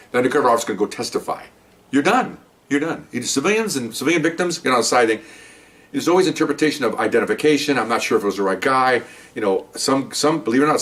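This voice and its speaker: A man's voice: medium pitch, fairly bright tone, distant mic. A man, a retired police officer, casually telling a long story, rambling with lots of asides and fillers. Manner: rambling, conversational, lots of "you know" and "okay".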